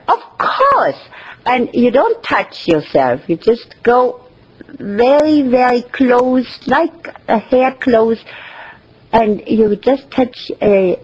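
A woman giving an inspirational talk about self-love, speaking in an expressive way with pauses and soft laughs. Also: a little high, husky, highs cut off.

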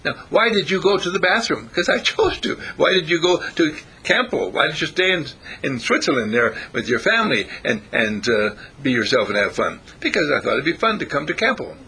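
A man's voice: fairly high pitch, big pitch swings, brisk, bright, forceful tone, husky. A man giving an informal spiritual talk to a small group, asking his listeners questions and chuckling often. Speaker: spiritual teacher.

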